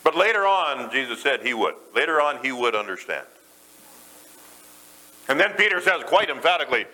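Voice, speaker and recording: Conversational preacher with lively pitch. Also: male voice, moderate pace, long pauses, rough recording. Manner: conversational, asks the congregation questions. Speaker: pastor. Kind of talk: sermon. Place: church.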